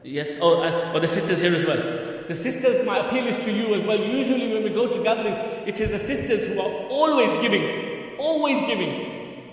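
A man's voice: sits high, brisk. A man making an impassioned fundraising appeal to a crowd in a large hall, pleading and pressing them with repeated questions. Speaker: charity fundraiser. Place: large hall at a religious gathering. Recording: echoey hall, distant mic.

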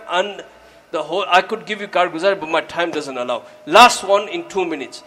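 A man with a high voice preaches at a moderate pace with few pauses. Telling a story, he earnestly urges his audience, peppering his English with Urdu and Arabic religious words, and his exhorting rises in volume when he presses them.

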